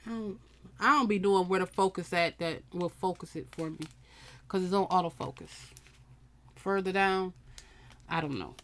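A woman's voice: on the low side, normal speed, long pauses. Chatty woman unboxing craft kits. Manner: chatty, talks to viewers and camera. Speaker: crafting vlogger. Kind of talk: casual unboxing chat.

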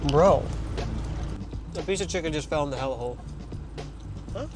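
Young guy, fairly high voice, rambly and jokey, phone-recorded in a parked car. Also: normal speed, music in the background. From Trinidad. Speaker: vlogger. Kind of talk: casual car vlog while eating.

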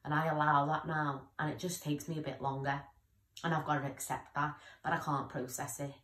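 A woman's voice: low voice, level tone, a little fast, fairly bright tone, roomy sound. A young woman talking candidly in a personal vlog, rambling and often losing her train of thought. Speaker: vlogger.

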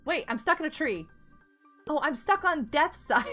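A woman chats on a live stream as she plays a block game, giggling and cheering her friends on. Her voice sits high and leaps around, with a bright, sharp edge. Faint music plays behind her. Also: animated, moderate pace. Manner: chatty, giggly, encouraging. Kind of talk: casual live-stream chat.

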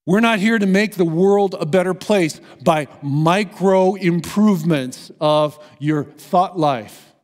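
A man's voice: a little high, darkish tone. An American man preaching a sermon as pastor, earnest and emphatic as he tells a story. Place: church sanctuary. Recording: long hall reverb in a church.

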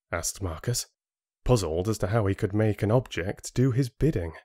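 A man reading an audiobook in a steady storytelling manner into a close studio mic. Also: lowish voice, normal speed, no room sound. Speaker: audiobook narrator. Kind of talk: scripted audiobook narration.

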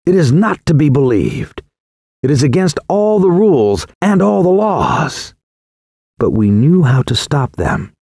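A man narrating an audiobook in a dramatic, expressive way on a close studio mic. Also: on the high side, a little slow, breathy edge, dry recording.

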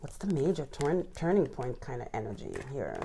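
A woman reading tarot cards to her viewers, gushing and excited, often repeating words and letting out sighs and laughs. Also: a bass voice, normal speed, very noisy. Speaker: tarot reader. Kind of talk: casual tarot reading to camera.

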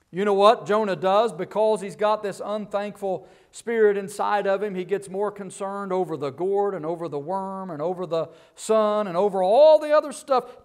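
A man preaching a Baptist sermon in a fairly high voice. He keeps asking his listeners rhetorical questions. He swings between loud bursts and quiet, low asides. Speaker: guest preacher.

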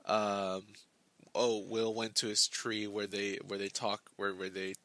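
Slow-talking young man with a bright voice. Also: fairly low pitch, level tone. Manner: rambling, halting, many restarts and fillers. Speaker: book club host. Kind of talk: casual book discussion.

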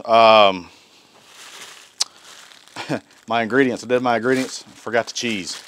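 Folksy man, chatty cook. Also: on the low side. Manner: folksy, chatty, rambling asides. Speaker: cooking channel host. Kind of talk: casual cooking vlog.

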